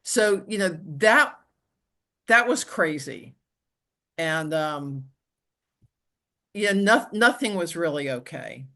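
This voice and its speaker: A woman telling her own story as an interview guest, in a halting way with frequent restarts and "you know". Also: fairly low pitch, expressive, pushed and bright. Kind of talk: conversational personal storytelling.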